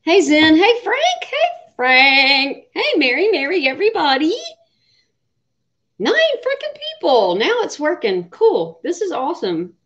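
A woman's voice: sits high, wildly swooping pitch, a little slow. Middle-aged woman host, casual livestream chat, cusses a lot, dull lo-fi sound. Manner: chatty, swears freely, laughs often. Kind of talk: casual live chat with viewers.

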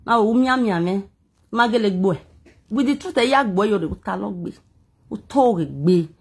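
A woman's voice: medium pitch, animated, moderate pace, a little mellow, breathy edge. A Nigerian woman vlogging a heated, defensive, rambling rant to her viewers. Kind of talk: emotional personal rant to viewers.

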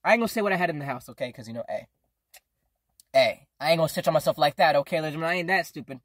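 Guy in his 20s telling a story, cussing a lot, high voice that bounces all over, dry sound. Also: very fast, no echo. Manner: rambling, profane, animated. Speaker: vlogger. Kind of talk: casual storytime vlog.

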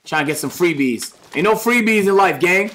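Loud, animated young male streamer. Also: sits high, a little fast. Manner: loud, profane, excitable, talks to chat. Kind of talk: gaming livestream commentary.

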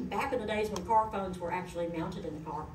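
A woman's voice: medium pitch, a little fast, a little mellow, far from the mic, a little hiss or hum. Woman telling folksy stories, echoey hall. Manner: folksy, chatty storytelling. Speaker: eulogist, daughter of the deceased. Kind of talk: eulogy told as personal stories.

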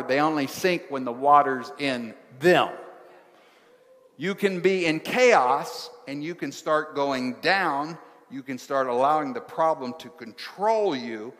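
Male pastor, measured sermon delivery in short phrases, addresses the congregation directly, recorded in a big echoing sanctuary. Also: fairly high pitch, a bit bright. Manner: preaching in short rhythmic phrases, asking the congregation questions. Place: church sanctuary. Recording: large hall with long reverb.

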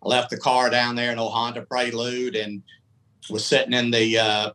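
A man's voice: medium pitch, sharp tone, rough recording. A middle-aged man, telling candid, folksy stories as a podcast guest. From United States. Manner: folksy, candid, rambling storyteller. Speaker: podcast guest, country comedy singer. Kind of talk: casual storytelling.

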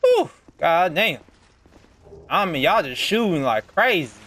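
A young man narrates his gameplay in a high, lively voice that leaps up and drops low as he mutters and swears at the screen. His frustration spills out in loose, casual commentary. A faint hiss sits under the recording. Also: unhurried. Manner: frustrated, cursing, muttering at the game. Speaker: gaming channel host.

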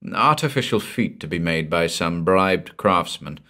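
A man narrating a story aloud in the first person, in a measured, unhurried audiobook reading. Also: low-pitched, lively intonation, pushed and bright.

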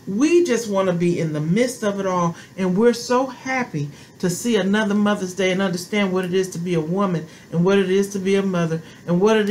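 A woman's voice: medium pitch, a little mellow, a little hiss or hum, rough recording. A grandmother giving a sermon as a prophetess, preaching emphatically with repeated phrases and exclamations. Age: middle-aged or older, a grandmother.

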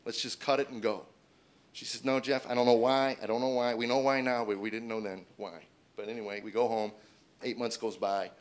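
A man in his forties telling a stand-up story as a comedian, acting out the quotes with loud, high jumps in his voice. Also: fairly quick. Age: 40s. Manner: animated, acts out quotes with big loud jumps in pitch. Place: stage before an audience.

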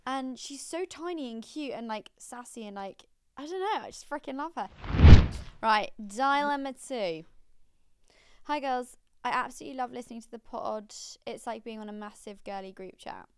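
A young woman from the UK co-hosting a casual chat podcast, gushing and reading listener letters aloud with quick asides. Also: a little high, slight background noise. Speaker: podcast co-host.

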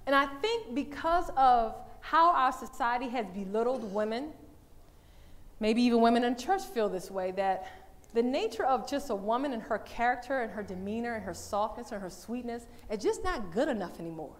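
A woman giving a lively, conversational talk at a church as the women's day speaker, animated and laughing often. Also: on the high side, normal speed.

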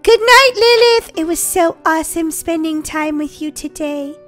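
A woman doing a bright, chirpy little sister. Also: very high voice, expressive, moderate pace, faint music behind.

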